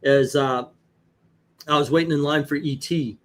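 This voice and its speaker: A man hosting a stream, telling profane, animated anecdotes in casual chat. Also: fairly high pitch, moderate pace. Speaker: host. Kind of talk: casual storytelling on a live stream.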